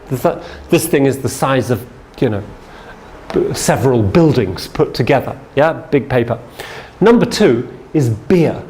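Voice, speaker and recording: A man running a sales training session, telling a long story in a loose, chatty way. He keeps turning back to his listeners to check they are following, and his voice sits at an ordinary middle pitch for a man. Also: a little mellow. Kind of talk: storytelling lesson.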